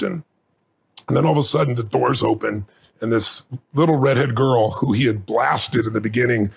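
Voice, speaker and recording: A man's voice: mid-range voice, moderate pace, gravelly, breathy edge. A middle-aged man, a guest in an interview, telling stories earnestly and intensely and choking up with emotion. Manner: earnest, intense, gets choked up. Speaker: guest speaker.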